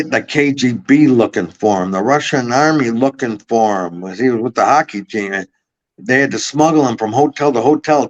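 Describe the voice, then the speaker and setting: A man from Buffalo, New York, a podcast guest, telling long rambling stories with swearing. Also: medium pitch. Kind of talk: casual storytelling. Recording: slightly muffled audio.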